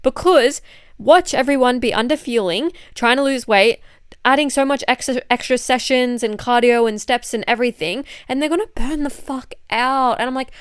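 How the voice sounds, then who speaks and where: A woman's voice: sits high, normal speed, clean tone, no room sound, studio quality. A woman with an Australian accent, a fitness coach and podcast host who is a bit unwell, talking in a blunt, chatty, swear-heavy way. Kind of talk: casual chat monologue.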